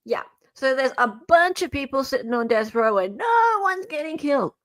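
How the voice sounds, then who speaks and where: An Australian woman co-hosting a podcast, chatting casually with a teasing, quick-to-react manner. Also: sits high, sing-song. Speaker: podcast co-host. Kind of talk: casual chat.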